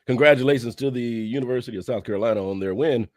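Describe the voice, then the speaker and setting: A man's voice: medium pitch, racing, no echo, clean studio sound. A man moderating a casual, joking group conversation, laid-back and swearing freely. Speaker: show moderator. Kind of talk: casual podcast chat.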